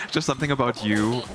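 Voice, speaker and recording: A man presenting a game at an event booth, chatting excitedly and often laughing as he plays. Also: mid-range voice, background noise. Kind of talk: casual game commentary. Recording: game music playing behind. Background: game music.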